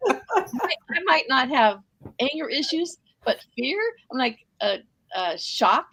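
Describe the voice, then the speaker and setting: Animated middle-aged woman telling stories. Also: high voice, takes it slowly, rough recording. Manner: animated storyteller, laughs often. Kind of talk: casual group chat on video call. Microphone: video call.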